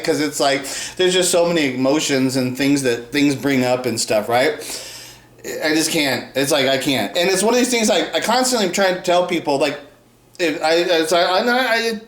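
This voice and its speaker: Rambling, profane man in an echoey room. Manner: rambling, profane, keeps adding "right?" and "and shit"; frequent laughs, swings between loud outbursts and low mutters. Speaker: video maker. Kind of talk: rambling monologue to camera. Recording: roomy echo.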